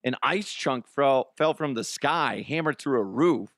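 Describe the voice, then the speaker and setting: A man's voice: medium pitch, animated, measured pace, a bit bright, no room sound, clean studio sound. A man hosting a show, telling a story in a blunt, profane, casual way. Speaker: show host, former radio producer.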